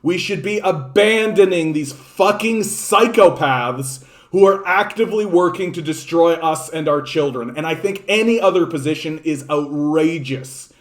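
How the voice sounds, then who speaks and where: A man's voice: on the high side, measured pace, few pauses. A man giving an angry, profane and sarcastic political rant, repeating himself for emphasis. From Canada. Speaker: political commentator. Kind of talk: ranting political monologue.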